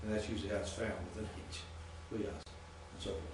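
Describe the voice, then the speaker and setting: A man's voice: on the low side, fairly even intonation, darkish tone. Male professor, methodical lecture delivery, distant mic in a reverberant classroom. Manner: patient, methodical, repeats pronunciations slowly. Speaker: Greek professor. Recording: echoey classroom from far off with faint noise.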